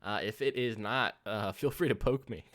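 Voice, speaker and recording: A man's voice: fairly low pitch, fairly bright tone. A man hosting a live tabletop game stream, chatting casually and joking between laughs. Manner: laughing, joking, quick asides. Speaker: host.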